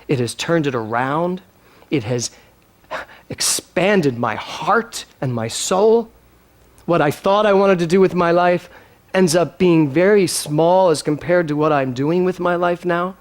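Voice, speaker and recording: A male minister preaching a sermon, animated and emphatic, drawing replies from his congregation and speaking earnestly and emotionally. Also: on the high side.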